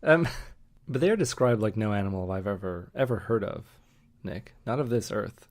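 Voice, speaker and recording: A man's voice: lowish voice, lively intonation, moderate pace, a little mellow. A man co-hosting a podcast, recapping a book in casual chat with jokes and frequent laughs. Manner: joking, laughs often.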